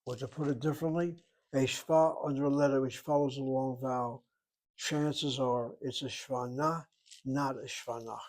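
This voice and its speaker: In a low-quality recording, a man teaches a Hebrew grammar lesson, sounding out words slowly and repeating them for his students. His voice is medium-pitched with a steady tone.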